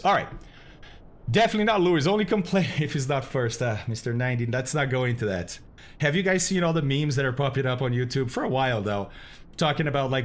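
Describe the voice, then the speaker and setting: A man streaming a flight simulator, chatting casually with viewers, reading chat aloud and laughing often. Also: medium pitch.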